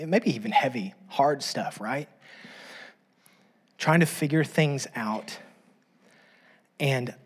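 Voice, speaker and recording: A middle-aged man delivers a sermon in a relaxed, talky way. His voice sits a little high. He keeps turning to the listeners with quick asides and pokes fun at himself. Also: husky. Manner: conversational preaching with frequent "right?" asides and self-deprecating humor. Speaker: pastor.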